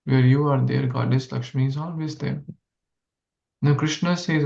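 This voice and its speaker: A man leading a scripture class, explaining a verse slowly and asking listeners questions. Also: medium pitch, fairly even intonation, creaky, a little mellow. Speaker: Bhagavatam class speaker. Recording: echoey room, dull lo-fi sound.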